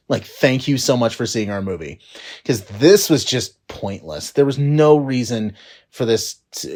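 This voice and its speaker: Male movie reviewer, casual and profane, exasperated rants with sudden loud spikes. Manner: exasperated, profane, swings between low mutters and loud rising outbursts.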